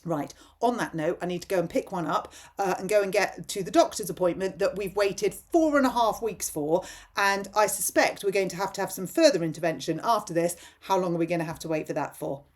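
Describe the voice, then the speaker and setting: A woman vlogging a direct-to-camera political rant, impassioned and rapid-fire, barely pausing for breath. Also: on the low side.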